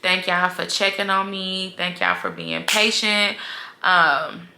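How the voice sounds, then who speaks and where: A young woman talks straight to her viewers in a loose, rambling vlog style. Her low voice carries gravelly fry and a bright, forceful edge. The room around her rings with echo. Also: sing-song, takes it slowly. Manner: chatty, rambling, heavy use of "like". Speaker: vlogger. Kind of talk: casual personal vlog talk.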